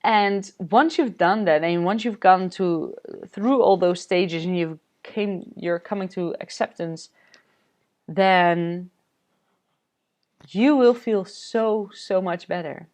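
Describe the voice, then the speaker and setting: A woman from the Netherlands, a spiritual coach, telling a personal story in a candid vlog, halting with many fillers. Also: fairly low pitch, a little mellow. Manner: candid, confessional.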